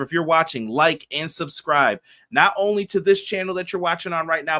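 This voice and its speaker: Male podcast co-host, bright, slightly high voice, energetic shout-out reader. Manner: hyped, rapid shout-out reading. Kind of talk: casual podcast chat.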